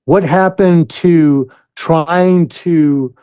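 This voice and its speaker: An American man speaks as a guest on a podcast. He talks slowly and hesitantly, with a warm, mellow tone, and the sound is close and dry. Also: fairly high pitch, clean tone, dry recording. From United States. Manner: slow, hesitant, many fillers. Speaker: guest musician. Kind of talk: casual interview chat.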